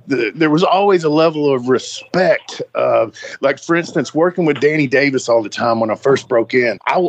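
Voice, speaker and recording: A man's voice: medium pitch, slight background noise. A man hosting a podcast in loose casual chat, laughing often and swearing freely. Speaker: podcast host.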